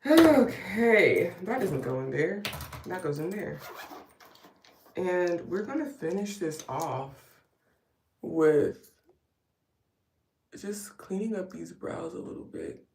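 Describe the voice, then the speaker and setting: A woman's voice: fairly low pitch, animated, slow, gravelly, pauses often, dark tone. A woman vlogger chatting casually while doing her makeup, rambling with wry asides. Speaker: vlogger doing a live get-ready stream. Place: at home getting ready. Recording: roomy sound from a distance.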